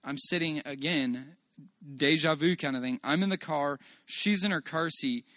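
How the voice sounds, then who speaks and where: A man telling a personal church testimony to a congregation in a church meeting room, earnest and halting as he restarts phrases and praises God. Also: a little high, bright, forceful tone, dry recording. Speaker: father giving a church testimony.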